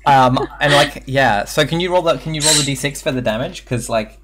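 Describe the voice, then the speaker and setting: A man's voice: medium pitch, a little fast, background noise. A man narrating as game master in a tabletop game, rambling with lots of fillers and frequent laughs.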